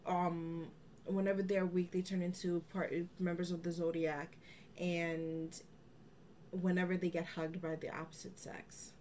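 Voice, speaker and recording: Chatty female podcast co-host, lowish voice. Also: a little slow, a little hiss or hum. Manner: chatty, animated, laughs easily. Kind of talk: casual chat.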